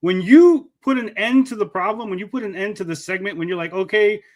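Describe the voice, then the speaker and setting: High, lively-voiced argumentative male caller. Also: fast talker. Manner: argumentative, persistent, pitches ideas. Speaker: call-in guest. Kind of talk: casual podcast chat.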